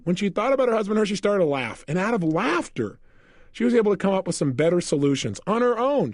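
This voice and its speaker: A man giving a motivational seminar talk, telling stories in an animated way and acting out scenes. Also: high-pitched, no echo, clean studio sound. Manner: animated storyteller, acts out scenes. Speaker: motivational speaker.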